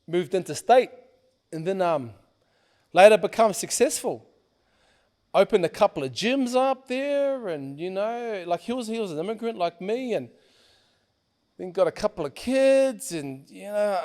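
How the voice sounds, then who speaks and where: A middle-aged man, a podcast guest, telling stories in a casual, animated way and swearing freely. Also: high voice. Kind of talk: casual storytelling.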